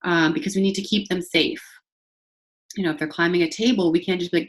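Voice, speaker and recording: Woman, slightly low voice, conversational staff trainer, lots of ums and restarts, talking to camera. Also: fast talker. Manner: conversational, many fillers and restarts. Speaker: early childhood trainer. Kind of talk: recorded staff training talk. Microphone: facing the camera.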